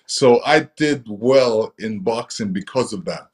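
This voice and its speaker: A man from England sits as the guest in an interview. His voice sits at an ordinary middle pitch. He tells stories from his past in a relaxed, rambling way, full of fillers. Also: measured pace, husky. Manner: easygoing, many fillers like "you know". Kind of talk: relaxed storytelling.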